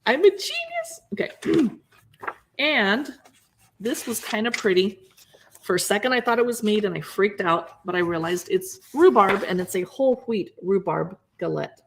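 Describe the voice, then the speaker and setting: A woman hosting a casual livestream, chatty and animated, showing products and joking about herself. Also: mid-range voice, a little slow, a little hiss or hum. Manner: chatty, animated, self-deprecating. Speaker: livestream host. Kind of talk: casual product showcase chat.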